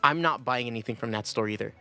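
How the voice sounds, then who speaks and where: A man's voice: medium pitch, fast talker, sharp tone, soft background music. A young man chatting casually on a livestream, rambling and self-deprecating, often breaking into laughter. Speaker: streamer.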